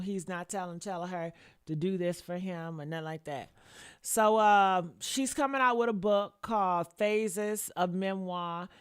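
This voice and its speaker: A woman hosting a celebrity gossip channel, talking in a sassy, blunt, scolding way. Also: mid-range voice.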